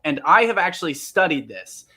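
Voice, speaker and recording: A man's voice: a little high, sing-song, normal speed, sharp tone, husky. An American man hosting a casual roundtable, enthusiastic and reading out viewer comments. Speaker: host.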